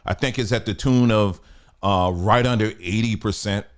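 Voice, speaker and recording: A man's voice: on the low side, normal speed. A man hosting a commentary channel, talking earnestly and repetitively, checking that his listeners follow along. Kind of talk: conversational commentary monologue.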